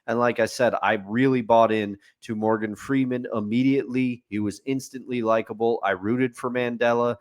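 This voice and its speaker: A man's voice: mid-range voice, steady tone, normal speed, hardly any pauses. A man co-hosting a casual sports podcast, talking in an easygoing, conversational way with loose fillers. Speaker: podcast co-host.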